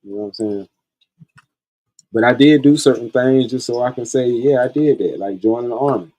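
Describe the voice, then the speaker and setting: Speaking at a moderate pace in a medium-pitched, dark voice, this Columbia, South Carolina man hosts a podcast. He spins stories in a relaxed, blunt, foul-mouthed monologue.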